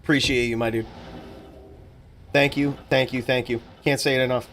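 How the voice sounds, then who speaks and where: A man's voice: mid-range voice, flat delivery, normal speed, fairly bright tone, a little hiss or hum. A man hosting a live stream, chatting bluntly and profanely, then calling game fights. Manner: casual, profane, blunt opinions. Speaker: streamer and commentator.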